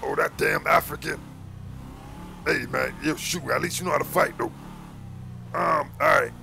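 A man's voice: a little high, normal speed, vocal fry, pushed and bright, a little hiss or hum, heavily acted. A man voicing a bossy street gang recruiter, full of slang, constantly calling others boy and man. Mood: hyped.

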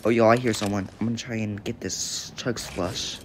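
A gaming video creator giving casual, excitable gameplay commentary, jumpy and prone to repeating panicked exclamations. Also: mid-range voice, normal speed, slight background noise.

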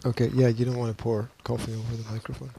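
Gravelly-voiced man rambling on a podcast. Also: mid-range voice, level tone, fast, dark tone. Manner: rambling, teasing, lots of restarts and laughs. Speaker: podcast co-host. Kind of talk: casual chat.

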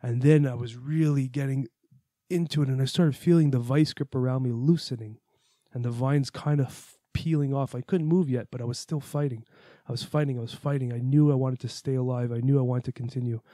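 A man speaks in an earnest, reflective way as he recounts a personal experience to his audience, cursing now and then. His voice is warm and mellow, with a middling pitch. The recording is dry and close, with no room sound. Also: fairly even intonation, fairly quick, no echo. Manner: candid, earnest, reflective, with the odd curse. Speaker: podcast host. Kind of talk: personal storytelling monologue.

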